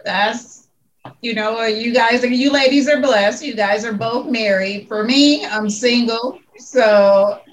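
A woman's voice: a little high, slow pace. A woman guest chats casually on a podcast, driving her points home with emphatic agreement. She sounds set back from the microphone, a little distant. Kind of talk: casual chat.

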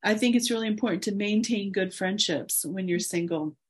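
A woman in her forties, a guest in an interview, speaking earnestly and encouragingly about her faith with soft laughs. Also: mid-range voice, brisk, slightly rough.

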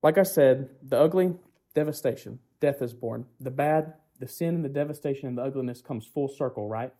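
A male preacher delivers a sermon in a warm, mellow voice at a middle pitch. He leans on rhetorical questions, often tagging "right?", and builds his points through repetition. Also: brisk.

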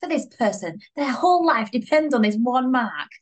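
A woman's voice: a little high, very animated, moderate pace. A woman co-hosting a podcast in casual chat, wry and exasperated, with some laughter. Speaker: podcast co-host.

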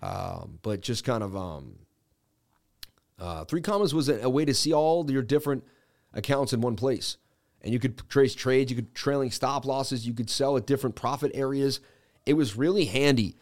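Guy hosting a crypto stream, lots of ums and restarts, middle-pitched voice, reads news out and comments on it. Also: darkish tone. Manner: halting, many fillers and restarts; reads news items aloud with asides. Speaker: crypto livestream host. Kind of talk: casual livestream talk.

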